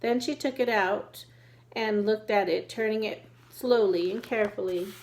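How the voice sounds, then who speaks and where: A woman reading a children's book aloud at a steady pace, now and then restarting a word. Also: mid-range voice, normal speed, rough recording. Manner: steady reading with occasional restarts over words. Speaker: reader.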